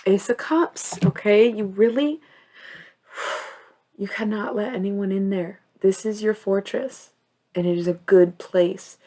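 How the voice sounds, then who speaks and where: A young woman giving an emotional tarot reading, gushing and tearful at times. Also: takes it slowly. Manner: tearful, gushing, swings between calm and sobbing highs. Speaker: tarot reader.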